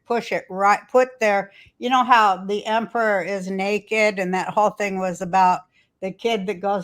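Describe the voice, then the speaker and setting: A woman's voice: mid-range voice, fairly even intonation, a little slow, fairly bright tone. An older woman hosting a casual podcast from a hotel room, telling rambling stories and ranting with plenty of swearing. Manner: rambling, profane, storytelling rant. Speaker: podcast host. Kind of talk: casual chat.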